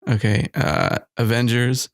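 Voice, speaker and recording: A man's voice: medium pitch, flat delivery, measured pace, no room sound, studio quality. A man co-hosting a podcast in casual chat, rambling and laughing often. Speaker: podcast co-host. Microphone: studio mic.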